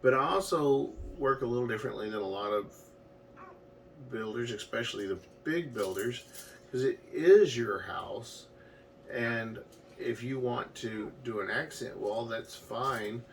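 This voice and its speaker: Man, gravelly low voice, home builder, plain-spoken casual talk, distant mic, faint background noise. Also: a little slow. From Florida. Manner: plain-spoken, conversational, uses fillers.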